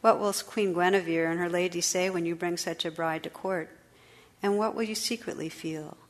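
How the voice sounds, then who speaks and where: A woman's voice: on the low side, fairly even intonation, normal speed, lightly acted. A woman reading aloud, voicing an enchanted medieval noblewoman who speaks in a pleading, sorrowful way. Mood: tearful. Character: enchanted noblewoman, tearful and earnest, medieval bride. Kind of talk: storybook read-aloud.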